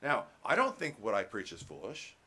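A man preaching a sermon as pastor, emphatic and rising loud on key points, with conversational asides and fillers. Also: fairly low pitch, wildly swooping pitch, moderate pace, husky.

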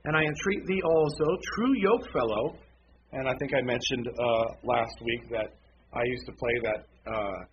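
A man's voice: medium pitch, normal speed, highs cut off, slight background noise. A man preaching a conversational sermon, with many fillers and self-corrections. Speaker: pastor.

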